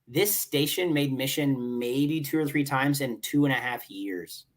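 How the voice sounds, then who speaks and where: Animated man telling a story. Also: mid-range voice, measured pace. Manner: animated, swears casually, acts out dialogue. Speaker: podcast guest, Marine staff sergeant. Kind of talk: casual storytelling chat.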